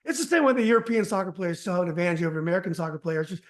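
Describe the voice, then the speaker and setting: A man hosts a relaxed podcast interview in a voice pitched well above most men's. He speaks casually and often backs up to restart a sentence as he thinks it through. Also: very fast. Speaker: podcast host.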